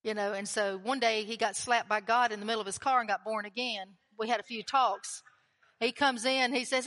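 Woman, preacher, chatty sermon, questions to the church, bright tone, long reverb. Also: a little high, a little fast. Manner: conversational, asks the congregation questions.

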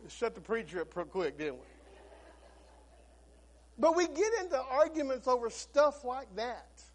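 A man's voice: very high-pitched, big pitch swings, unhurried. A man preaching a sermon as a Baptist pastor, folksy and storytelling, with frequent restarts.

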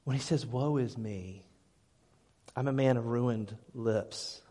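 A man preaching a sermon as pastor, his voice rising to loud, fervent peaks and then dropping to quiet asides, often repeating words as he restarts. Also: mid-range voice, slow pace. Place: church sanctuary. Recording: hall reverb.

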